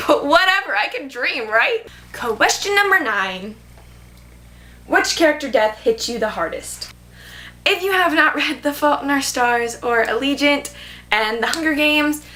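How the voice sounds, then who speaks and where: A teenage girl chatting casually about books in a vlog, animated and gushing, with lots of filler words. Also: a little high. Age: teens. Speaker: booktube vlogger.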